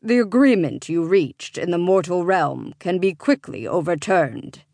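A woman's voice: lowish voice, lively intonation, unhurried, gravelly, darkish tone, no echo, clean studio sound, heavily acted. Woman voicing a stern, thundering judge of souls. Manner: stern, commanding. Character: thundering male judge of the dead.

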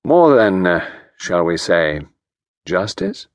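A man voicing a pleasant, quiet, non-committal older gentleman who speaks in measured, hesitant phrases. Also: deep voice, sing-song, no echo, full character voice. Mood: evasive. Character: calm male advisor, pleasant and non-committal.

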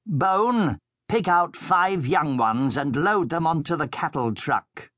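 A man's voice: a little high, animated, slow pace, fairly bright tone, no echo, clean studio sound, voice pushed up, exaggerated voice. A male audiobook narrator voicing a domineering villainous baron who barks orders and insults. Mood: gloating.

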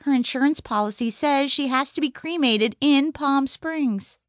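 A woman narrator voicing a gentle, grieving woman of about sixty who speaks softly and pleadingly. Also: high-pitched, normal speed, dry recording, studio quality, pitched above the performer's own voice, close to an everyday voice. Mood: matter-of-fact. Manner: soft and pleading. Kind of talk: audiobook character reading.

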